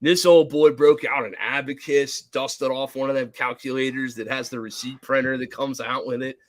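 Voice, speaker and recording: This man co-hosts a podcast, spinning a meandering tale in relaxed chat, cursing liberally and performing the voices of those he quotes. He speaks in a mid-range voice at normal speed.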